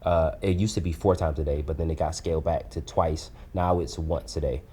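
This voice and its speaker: A man in his twenties, a guest in an interview, talking earnestly and casually with relaxed dialect grammar and easy laughter. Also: rumbling low, brisk, husky. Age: 20s. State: choked up at times. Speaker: guest, food reviewer.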